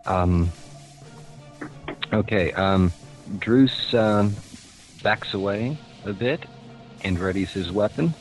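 A man with a very deep voice plays in a tabletop game. He talks slowly, hesitating with fillers and dry asides. Faint music sits behind him. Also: rough recording. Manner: hesitant, many fillers, wry. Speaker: player. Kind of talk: casual tabletop play.

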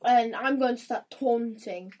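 A woman playing a tabletop game, eager and quick, often laughing. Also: a little high, a little mellow. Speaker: player. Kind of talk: casual tabletop play. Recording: distant mic with faint noise.

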